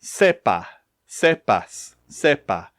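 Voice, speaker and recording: A man explaining grammar in a slow, deliberate recorded lesson, with touches of dry humor. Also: mid-range voice, big pitch swings, a bit bright, dry recording. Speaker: Spanish teacher.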